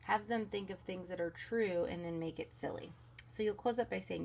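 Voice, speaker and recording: A woman who runs children's ministry records a training walkthrough, guiding volunteer small group leaders through this week's kindergarten lesson in an upbeat, instructive way. Her medium-pitched voice is creaky and moves at a normal speed. A baby cries in the background, and she softly soothes it mid-lesson.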